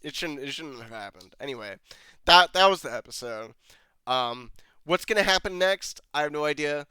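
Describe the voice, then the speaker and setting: A man's voice: on the high side, lively intonation, moderate pace, bright, forceful tone, clean tone, no room sound. A young man hosting his own channel, ranting to camera in a rambling, frustrated way and breaking into laughter often. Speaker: channel host reviewing a TV episode. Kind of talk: casual rant to camera.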